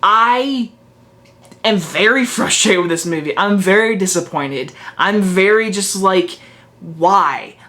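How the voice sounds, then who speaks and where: A man's voice: high-pitched, animated, measured pace, bright, forceful tone. Exasperated man ranting about a film. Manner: frank and exasperated, with repeated restarts and mocking quoted asides. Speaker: movie reviewer. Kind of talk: casual spoken film review.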